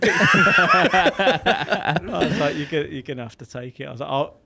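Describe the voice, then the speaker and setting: A young English podcast co-host with a Birmingham accent tells a long, sweary story in casual conversation, acting out both sides of it. His voice is on the high side with lively intonation at a normal speed, set against heavy background noise.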